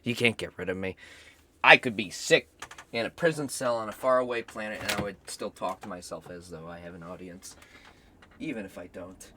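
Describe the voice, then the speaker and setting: A sick young man with a hoarse, cracking voice and a cough, chatting casually and swearing while he streams a game. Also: lowish voice, brisk, background noise. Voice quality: rough, cracking voice. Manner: rambling, self-mocking, swears often. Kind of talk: casual gaming stream chat.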